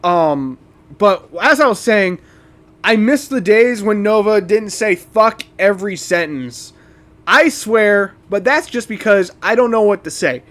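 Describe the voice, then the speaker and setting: A man's voice: sits high, fairly bright tone. A man giving casual commentary over his old video, rambling with fillers, laughing and swearing freely. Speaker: reaction video creator.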